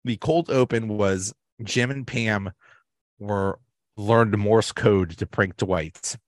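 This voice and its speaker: A man's voice: fairly low pitch, slow pace, no echo. A man hosting a podcast, casually recapping and ranking sitcom episodes, rambling with many restarts and small chuckles. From Pittsburgh area, US. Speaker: podcast host.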